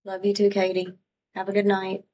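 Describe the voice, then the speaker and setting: A woman's voice: medium pitch, completely flat delivery, moderate pace, mellow, muffled recording. A woman from Louisiana hosting a live stream, chatting casually and rambling as she greets viewers by name.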